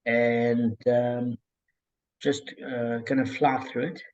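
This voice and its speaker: A man leading a casual group study over a call, talking in a relaxed, digressive way with many fillers and a gravelly, husky voice. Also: mid-range voice, takes it slowly, lo-fi sound. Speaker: Talmud study group leader.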